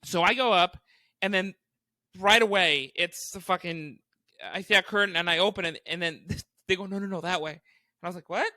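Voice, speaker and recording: A young man, a stand-up comedian and podcast co-host, telling animated stories with lots of swearing and acted-out quotes. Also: sits high, normal speed, dry recording. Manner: animated, acts out quotes, swears often, laughs while telling. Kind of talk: casual storytelling chat.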